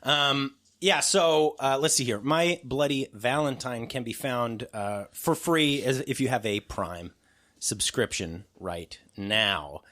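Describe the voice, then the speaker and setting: A man's voice: mid-range voice, takes it slowly, pushed and bright. A man hosting a podcast in casual chat, loose and joking, with lots of fillers. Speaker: podcast host.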